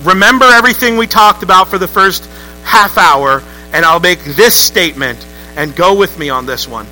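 A pastor preaches with a high, piercing voice and a very bright edge. He moves between an easy storytelling tone and emphatic high peaks. Soft music and a faint hum sit under his voice in the church. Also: expressive, moderate pace, rough recording. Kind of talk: sermon. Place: church sanctuary.

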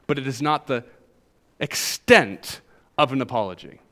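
A man's voice: mid-range voice, a little slow. A male pastor with a Southern US accent preaching a sermon, joking with the congregation. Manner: animated, jokes with the congregation.

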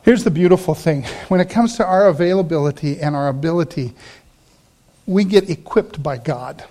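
A middle-aged male pastor delivers a sermon in a fairly high voice. He tells stories and acts out the voices of the people he quotes. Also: moderate pace, mellow.

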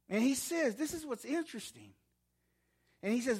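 High-pitched guy preaching, fired up, keeps repeating himself. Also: lively intonation, normal speed, long pauses, slightly rough. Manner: impassioned, repeats words, rising to shouts when quoting God. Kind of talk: sermon.

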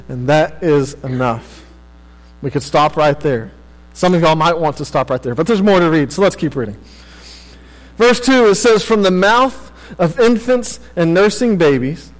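A young man preaching a sermon as a pastor, earnest and conversational with repeated phrases and casual asides. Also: a little high. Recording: long hall reverb.

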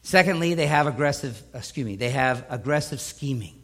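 A man's voice: medium pitch, animated, a little fast, a bit bright. A man preaching a sermon, emphatic and driving home points with repetition.

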